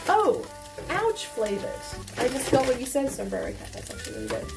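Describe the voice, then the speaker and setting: A woman streamer chatting casually while she cooks, animated and swearing often. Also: on the high side, a little fast, gravelly, over music. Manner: animated, swearing, exclaiming in pain. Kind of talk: casual cooking stream chat.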